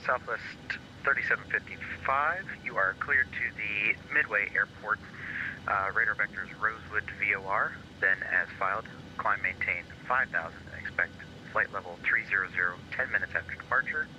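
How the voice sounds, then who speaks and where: A man doing an air traffic controller reads out clearances in a measured, procedural way. The voice is low and strikingly bright, and it comes through a dull, muffled radio-style sound. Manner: slow radio phraseology with hesitant fillers.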